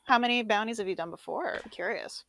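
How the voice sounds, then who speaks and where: A woman's voice: a little high, fast talker, fairly bright tone, no echo. A woman voicing a brash, grimy female adventurer who teases and mocks in a tabletop game. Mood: skeptical. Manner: mocking, playfully skeptical. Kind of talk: tabletop role-play in character.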